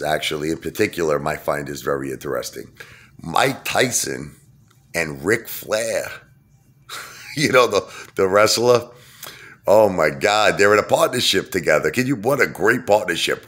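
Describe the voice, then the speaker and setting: A man's voice: low-pitched, a bit bright. A man rambling casually to camera about stocks, chatty with lots of fillers and restarts. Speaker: stock market vlogger.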